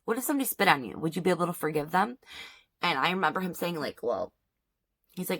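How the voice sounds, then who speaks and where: Lady in her 30s ranting on her vlog, worked up, says stuff over and over, voice on the low side. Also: sing-song, fast, pauses often, fairly bright tone, husky. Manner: outraged and emphatic, repeats herself. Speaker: beauty vlogger. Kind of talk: emotional storytime rant during makeup routine.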